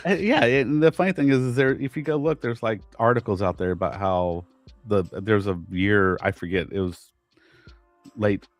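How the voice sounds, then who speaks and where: A man co-hosting a podcast, telling a frustrating story in casual chat, animated and exasperated, often restarting his sentences. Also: fairly low pitch, normal speed, dry recording, faint music behind. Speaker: podcast co-host.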